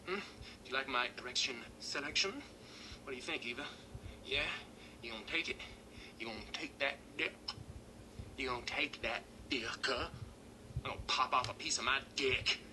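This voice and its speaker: A man's voice: medium pitch, normal speed, long pauses, noisy background, close to an everyday voice. An actor playing a nervous man hyping himself up in a mirror with crude, hammy self-talk, in a film comedy scene. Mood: hyped-up, awkward. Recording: film audio with music underneath.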